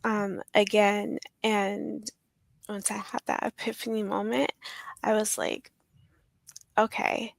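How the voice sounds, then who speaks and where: Slow gravelly-voiced woman telling her story. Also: medium pitch, level tone, no echo. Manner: halting, emotional, with many pauses and fillers. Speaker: interview guest. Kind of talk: personal story in an interview.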